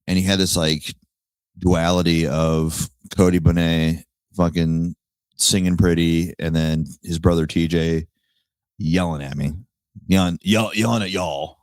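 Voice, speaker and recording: A man's voice: low voice, fairly even intonation, a little slow, darkish tone, no echo, studio quality. A man in his thirties hosting a solo podcast, rambling and swearing casually, laughing at his own jokes. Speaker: podcast host.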